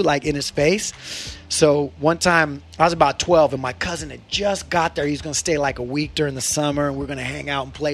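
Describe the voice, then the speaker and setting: A man co-hosting a podcast, telling stories in casual chat, animated and swearing freely. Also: on the high side, slight background noise. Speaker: podcast co-host.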